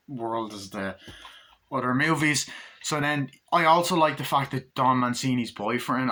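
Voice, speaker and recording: A man with a bright, forceful voice talks through a film review in a loose, rambling way. He is excitable and swears without a second thought, at an ordinary middle pitch. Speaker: movie reviewer. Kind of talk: casual spoken movie review.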